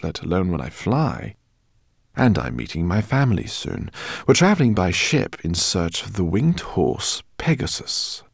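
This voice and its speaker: Guy doing a polite fussy professor, gravelly low voice, bouncy delivery. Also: no echo, studio quality, heavily acted. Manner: courteous, rambling, gently embarrassed. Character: kindly bookish male professor, middle-aged, fussy host.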